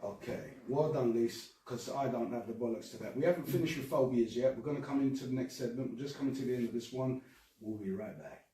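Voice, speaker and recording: A man's voice: mid-range voice, quick pace, dark tone. A man hosting a casual talk show, matey and swearing now and then. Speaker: host. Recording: very echoey room from far off, faint noise.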